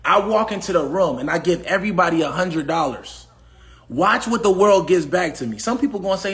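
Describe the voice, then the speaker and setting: Brief: high-pitched man, AAVE, preachy livestream motivational speaker, repeats himself. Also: animated, brisk, a bit bright. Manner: preachy, repetitive, asks the audience questions. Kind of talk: casual motivational talk.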